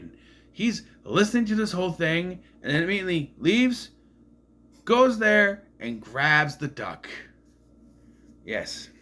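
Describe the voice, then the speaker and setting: A man's voice: sits high, sing-song, slow pace, long pauses, sharp tone, a little hiss or hum. A man casually recapping a movie in a rambling, musing way, often admitting he is unsure. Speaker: movie reviewer.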